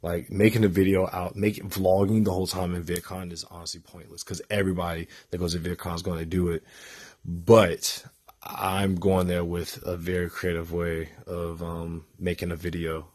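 A man's voice: low-pitched, level tone, moderate pace, a little mellow, slightly rough. A tired young man talking casually to his vlog audience at night, rambling and hesitant, with many restarts. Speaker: vlogger.

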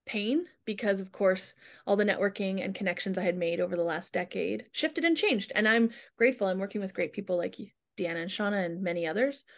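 A woman hosting a podcast in a casual, chatty way, joking at her own expense. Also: mid-range voice. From Alberta, Canada. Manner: chatty, self-deprecating, emotional at times. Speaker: podcast host.

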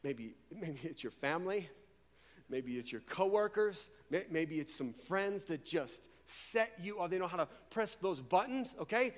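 Delivering a sermon at a measured pace, this fairly high-voiced pastor speaks in a lively, conversational way and frequently trips over repeated words. Behind him lingers the long echo of a big church hall.

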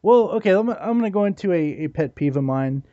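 A man's voice: high voice, expressive, fairly quick, mellow, no room sound. A man co-hosting a podcast in easygoing, chatty casual conversation, often restarting his sentences. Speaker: podcast co-host. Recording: dull, dry lo-fi recording.

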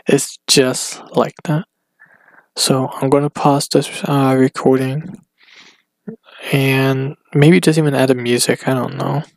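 A man talking alone on his podcast in a rambling, casual way, halting often and restarting his sentences. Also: medium pitch, flat delivery, creaky, no room sound. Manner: hesitant, halting, full of restarts and fillers. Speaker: solo podcaster. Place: at home.

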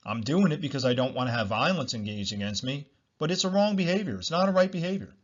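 A man's voice: medium pitch, lively intonation, quick pace. Blunt, swearing man, lo-fi. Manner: blunt, repetitive, swears freely. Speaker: podcast host. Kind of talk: solo podcast monologue.

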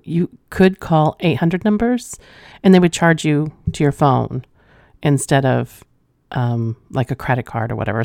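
A woman's voice: gravelly, a little mellow, no echo, clean studio sound. A woman hosting a flirty adult podcast, teasing and sultry, laughing often as she talks. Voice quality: low sultry voice. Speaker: podcast host.

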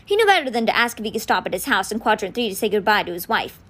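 This podcast book reader's voice is medium-pitched and slightly rough, and she reads very fast. She narrates the novel expressively, including its quoted dialogue.

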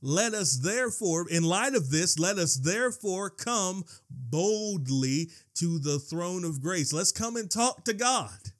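A man preaching a sermon in a high voice. He moves between quiet scripture reading and excited yelling. When he gets worked up, he stumbles and repeats words. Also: slow, few pauses. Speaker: pastor.

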